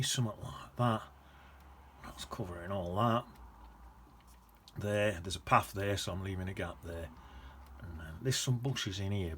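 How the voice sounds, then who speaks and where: Brief: lower-voiced man, relaxed painting tutor, rambles and mutters to himself while he works, faint room noise. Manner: chatty, rambling self-talk with muttered asides. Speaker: painting teacher. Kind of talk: casual painting demonstration.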